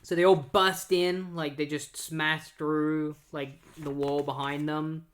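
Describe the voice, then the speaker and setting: A man's voice: fairly high pitch, flat delivery, slow pace, fairly bright tone, a little hiss or hum. A man retelling a comic book story in a casual, loose way, with many fillers and restarts. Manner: filler-heavy, loose recap.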